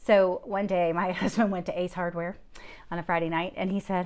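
A woman's voice: lowish voice, a little fast, clear, resonant tone. A middle-aged woman giving a testimony into a handheld microphone, telling her story with laughter and acting out the voices of the people in it, then leading a prayer. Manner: lively, laughing, acts out quoted voices. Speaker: guest speaker giving a testimony.

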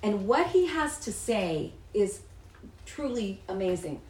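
In an echoey room, recorded roughly from a distant mic, a woman with a medium-pitched, slightly mellow voice speaks slowly and very animatedly. She's leading a small group through a Bible study, chatting about the text, reading scripture aloud, and posing questions to the group.

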